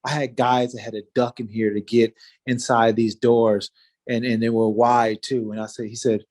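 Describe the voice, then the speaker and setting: Man, 40s, interview guest; relaxed storyteller, mid-pitched, loose and filler-heavy. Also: moderate pace. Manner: laid-back, animated retelling with many fillers. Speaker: interview guest, former fighter. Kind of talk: casual storytelling.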